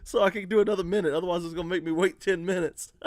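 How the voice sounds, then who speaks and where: A man's voice: sits high, steady tone, very fast, darkish tone, no room sound. A man hosting a casual livestream chat over a video call, laughing often and talking in easygoing slang. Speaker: podcast host. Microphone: home computer mic on a video call.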